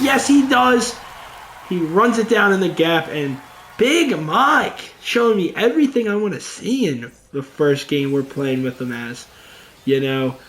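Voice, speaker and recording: A young man with a slightly high voice gives casual, excitable commentary over his baseball video game. He chats straight to his viewers as "boys", and his voice sounds roomy and echoey, with a faint hum of ambience behind it. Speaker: gaming YouTuber. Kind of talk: let's play commentary.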